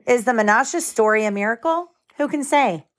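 A woman's voice: a little high, expressive, moderate pace. A woman in her thirties reading a picture book aloud to her children at home, stopping to explain the story in plain words.

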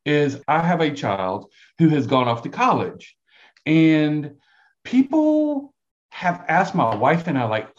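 A middle-aged man from South Carolina with a Lowcountry brogue, telling stories as a podcast guest in a chatty, rambling way that keeps correcting itself. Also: big pitch swings, slow pace, dull audio. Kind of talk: casual storytelling.

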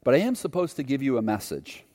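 A man voicing a calm, friendly highway patrol officer who speaks gently and without hurry. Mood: gentle. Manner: gentle, unhurried, kindly. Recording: long hall reverb.

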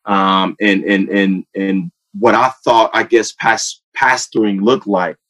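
Animated man telling his story. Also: slow pace. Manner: animated storytelling, acts out quotes with rising pitch. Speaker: youth football coach and sports training founder. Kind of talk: casual testimony in a podcast chat.

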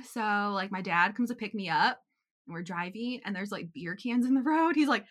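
A young adult woman co-hosting a podcast, telling a quick, chatty story about her school years with frequent giggles. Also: mid-range voice, expressive, fairly bright tone. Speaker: podcast co-host. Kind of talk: casual chat, storytelling.

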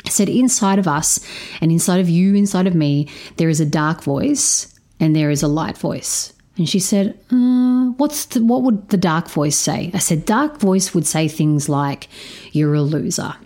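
A woman's voice: normal speed, mellow. A woman telling a personal story in casual, candid speech, swearing freely and acting out the dialogue. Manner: candid, swears freely, repeats phrases for emphasis; acts out dialogue, voicing a girl higher. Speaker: storyteller sharing a parenting story.

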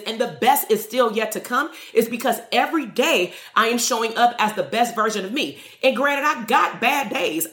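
A woman coach talks straight at her listeners, blunt and emphatic, with curse words thrown in. Her voice sits on the high side and sounds bright and forceful. The room around her gives a clear echo. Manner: blunt, emphatic, swears freely. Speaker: business coach. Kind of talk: motivational monologue. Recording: roomy echo.

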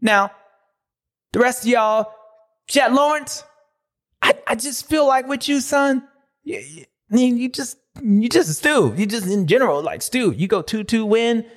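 A man hosting a racing recap show in a jokey, slangy, excitable way. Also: extremely high pitch, unhurried. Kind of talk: comedic recap commentary.

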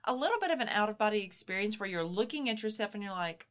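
A podcast co-host explains postpartum health in casual chat, her tone plain and reassuring. Her mid-range voice is expressive, a bit bright, and quick, and she sometimes acts out what a mom is thinking.

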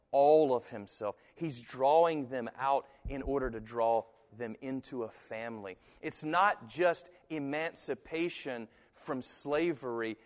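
A man preaching in a church with a long, ringing reverb behind his voice. His voice sits at a middle pitch, and he tells stories with animated delivery. He jumps up into other people's voices whenever he quotes them. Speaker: pastor. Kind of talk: sermon.

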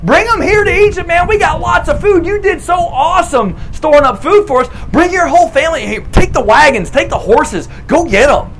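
A man's voice: very high voice, expressive, a little fast, few pauses, fairly bright tone, a little hiss or hum, voice pushed up, heavily acted. A man voicing an eager, generous ancient king who talks in breezy, casual slang while retelling a scripture story.

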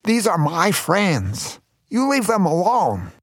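An older man playing a giant ape-like creature from a storybook, kind at heart but protective. He speaks with an Australian accent in a stern, commanding tone. The delivery is unhurried, and the sound is close and dry. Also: sits high, huge pitch swings, husky, no room sound, pitched above the performer's own voice, exaggerated voice. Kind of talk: storybook character voice.

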